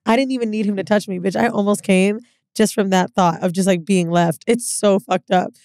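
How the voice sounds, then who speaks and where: A brisk, medium-pitched young woman co-hosts a podcast, with no room sound on the recording. She gives a candid account in casual chat, an animated storyteller acting out the quotes.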